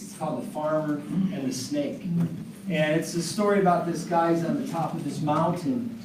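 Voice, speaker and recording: A man giving a live talk to an audience, speaking fast and earnestly, with animated storytelling. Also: on the high side. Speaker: speaker at a parents' seminar. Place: large room with an audience. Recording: echoey room from a distance, noisy.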